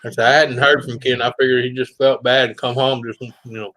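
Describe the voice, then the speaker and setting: A man's voice: medium pitch, level tone, a little fast, sharp tone, poor audio. A man chatting casually as a guest, easygoing and rambling through stories, saying yeah often. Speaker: regular guest. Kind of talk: casual chat.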